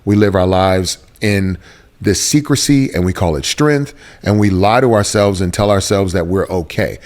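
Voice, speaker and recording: An earnest man with a lowish voice tells a personal story as an interview guest. He searches for words and circles back to repeat phrases for emphasis. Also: normal speed, darkish tone. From Houston, Texas.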